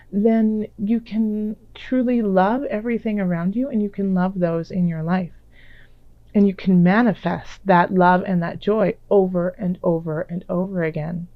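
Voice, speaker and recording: A woman with a slightly raspy, still-recovering voice gives a gentle tarot reading into her own mic. She reassures and ums her way along. The sound is dry and a little dull. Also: mid-range voice, no room sound. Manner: gentle, reassuring, many fillers. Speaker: tarot reader. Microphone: own microphone.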